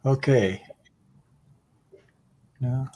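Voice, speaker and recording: A man's voice: mid-range voice, very slow, warm tone. A man from Quebec with a Quebec French accent hosting a casual live stream, friendly and laughing often. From Quebec, Canada. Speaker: host.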